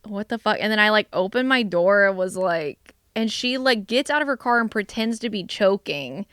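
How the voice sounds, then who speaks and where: A young woman co-hosting a casual podcast, telling animated, swear-filled stories full of "like"s. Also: medium pitch, moderate pace, smooth, no room sound, studio quality. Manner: animated, profane storytelling with many "like"s. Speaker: vlogcast co-host. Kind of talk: casual chat.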